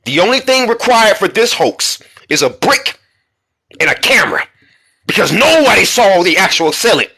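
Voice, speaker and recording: A man's voice: high-pitched, sing-song, moderate pace, vocal fry, pushed and bright, breathy edge. A man hosting a commentary vlog, talking heatedly with many rhetorical questions and repeating words for emphasis. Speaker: commentary channel host.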